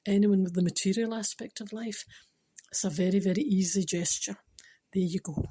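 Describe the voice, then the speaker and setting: A woman's voice: medium pitch, fairly even intonation, normal speed, dark tone, breathy edge. A woman with a Scottish accent telling a moving story and giving a spiritual talk, chatty and emotional, laughing often.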